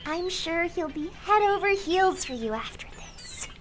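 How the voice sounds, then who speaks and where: A woman's voice: very high voice, expressive, measured pace, slight background noise. A woman playing a snappy, bratty teen girl. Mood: bratty taunting. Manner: snappy, mocking.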